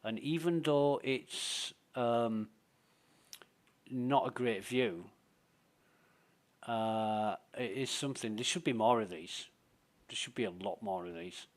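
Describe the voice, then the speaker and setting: A man's voice: medium pitch, slow, long pauses. A man, streaming a game live and giving rambling, profane, sardonic commentary.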